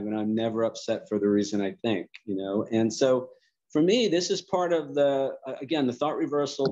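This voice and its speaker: An older man reflects aloud in a group discussion, pausing and restarting as he gathers his thoughts. His voice sits in a middle register, and the video call audio sounds a little muffled and lo-fi. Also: medium pitch, darkish tone. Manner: thoughtful, halting, many restarts. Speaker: study group participant.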